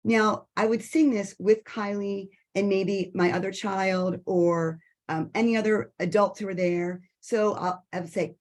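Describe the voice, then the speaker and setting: A woman's voice: medium pitch, steady tone, measured pace, hardly any pauses, darkish tone. Woman early-literacy teacher, patient explainer on a video call. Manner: patient, explanatory, breaks into short sung examples. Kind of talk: instructional talk over video call.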